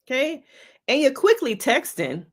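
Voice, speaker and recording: A licensed therapist with a high, very animated voice and a measured pace reacts casually to a reality show. She addresses her viewers directly in a playful, chatty, slang-filled style.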